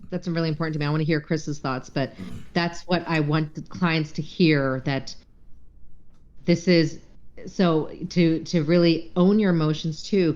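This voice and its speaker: Low-voiced woman on a muffled mic. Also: a little mellow. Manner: rambling, goes off on tangents. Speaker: therapist. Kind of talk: casual podcast chat.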